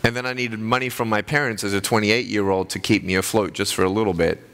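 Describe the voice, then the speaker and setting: Man, 30s, evangelist, chapel talk, animated storytelling, bright tense voice. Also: fast talker. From Australia. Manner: animated storyteller with jokes and wide pitch swings. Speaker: evangelist speaker. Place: chapel audience hall.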